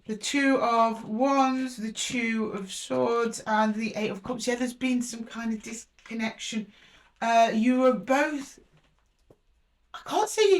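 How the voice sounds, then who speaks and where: A woman giving a casual tarot reading, thinking aloud, repeating card names as she draws them and correcting herself with fillers. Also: on the high side. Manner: chatty and reassuring with frequent fillers and self-corrections. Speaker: tarot reader.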